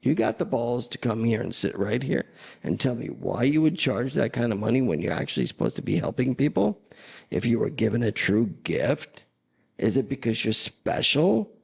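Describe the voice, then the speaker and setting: A man's voice: medium pitch, sing-song, moderate pace, gravelly, a little mellow, slightly rough. A man hosting a casual chat, talking in a blunt, sarcastic, rambling way. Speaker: host.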